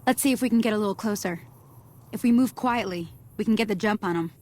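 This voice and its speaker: A friendly frontier woman, voiced by an actress in a video game, guiding a newcomer along. Her voice sits at a middle pitch, and she speaks in a folksy, easygoing way, encouraging and relaxed. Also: fast, natural voice.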